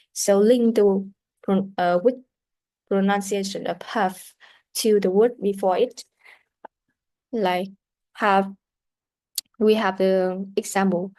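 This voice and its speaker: A woman gives a classroom lesson on English pronunciation, explaining slowly and deliberately with many restarted sentences. Her voice is mid-range and dark, with fairly even intonation.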